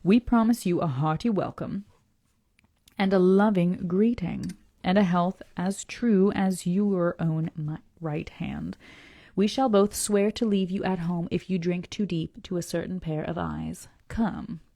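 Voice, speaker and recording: In clean, dry studio sound, a fairly low-voiced woman reads a classic novel at a measured pace for her live book club, stumbling on a name here and there. Self-deprecating and chatty, she talks right to viewers and slips into soft whispered asides.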